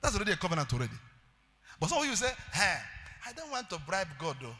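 A male pastor preaching a sermon, calling out to the congregation and building up to loud shouted declarations. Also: high-pitched, very animated, fast talker, big-room sound. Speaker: pastor, evangelist.

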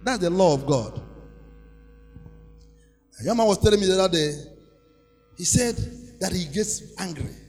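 A man preaching in a church, his high, lively voice leaping into shouts and sing-song phrases. The tone is gravelly and husky, and it rings through a long hall echo with faint music behind. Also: normal speed, pauses often. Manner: preaching with sudden shouts and sing-song rises, leading call-and-response. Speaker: pastor. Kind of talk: sermon.

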